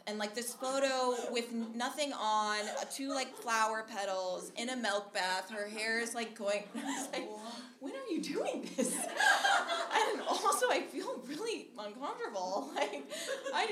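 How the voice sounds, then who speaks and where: Young woman, live storytelling, chatty, laughing, slightly high voice, echoey room. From Minnesota. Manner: chatty, animated, laughs through her story. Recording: echoey live room with loud background noise.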